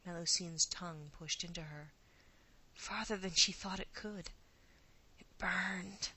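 Slow, hushed woman storyteller. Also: lowish voice, husky, poor audio. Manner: hushed, often half-whispered delivery. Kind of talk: scripted narration.

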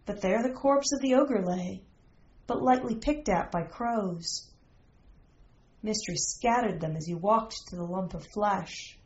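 Slow, measured woman storyteller. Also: medium pitch. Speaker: story narrator. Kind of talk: scripted narration of a fantasy romance. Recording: roomy, slightly dull recording.

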